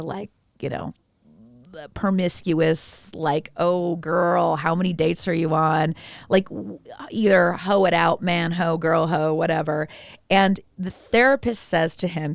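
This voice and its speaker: Casual podcast co-host: woman, on the low side for a woman, dry close sound, gushing and animated. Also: no room sound. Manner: animated, gushing, swears playfully.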